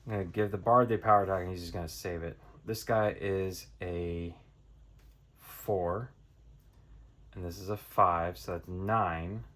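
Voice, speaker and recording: A man's voice: deep voice, steady tone, a little slow, a bit bright. A man casually playing through a tabletop card game, thinking aloud and counting cards as he goes. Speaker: board game reviewer. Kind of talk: casual tabletop playthrough tutorial.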